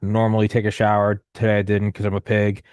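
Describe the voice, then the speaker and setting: A man's voice: on the low side, completely flat delivery, fast talker, darkish tone, clean tone, dry recording. A man in his thirties telling a long personal story in casual conversation, rambling and profane with many restarts and fillers. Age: 30s.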